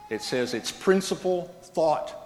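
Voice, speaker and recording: A man's voice: on the high side, animated, slow pace. Man preaching in an echoey church. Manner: storytelling with gentle humor. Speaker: pastor. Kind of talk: sermon. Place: church sanctuary. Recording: echoey church hall from a distance.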